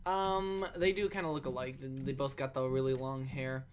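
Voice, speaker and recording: A woman's voice: rumbling low, fairly even intonation, normal speed, slight background noise. A young woman hosting a casual livestream, chatting playfully while she draws. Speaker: livestream host. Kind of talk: casual chat while drawing.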